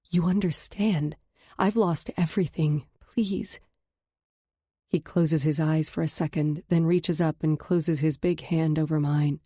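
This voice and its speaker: A woman narrating a first-person romance audiobook in an intimate, measured way. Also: low voice, dark tone, no echo, clean studio sound.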